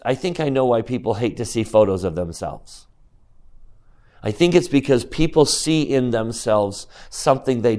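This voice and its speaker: A man at a middle pitch leads a scripture lecture. He keeps questioning his listeners and moves between quiet, reflective asides and emphatic climbs. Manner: questions the class directly. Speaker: religious teacher.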